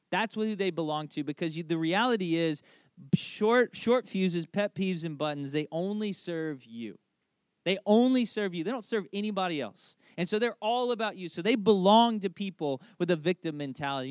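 A man's voice: sits high, dry recording. A man in his thirties preaching a sermon, conversational and emphatic, with humorous family stories and repeated key phrases. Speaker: pastor.

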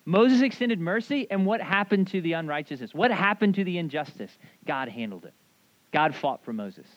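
A man in his thirties preaching a sermon, animated and casual, acting out voices in his retelling. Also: on the high side, dry recording, highs cut off. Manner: animated storyteller, acts out voices, casual asides. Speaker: pastor.

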